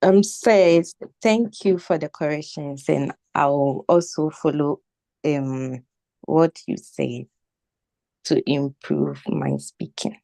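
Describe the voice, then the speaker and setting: Woman candidate, hesitant; very slow, mellow delivery. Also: sits low, creaky, no room sound. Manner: brief, hesitant replies. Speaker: nursing test candidate. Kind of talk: practice speaking session.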